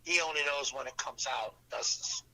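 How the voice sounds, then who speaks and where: A man's voice: medium pitch, moderate pace, gravelly, sharp tone, slightly rough, low-quality recording. An older man, a podcast guest, telling long rambling stories in casual chat, with restarts and fillers.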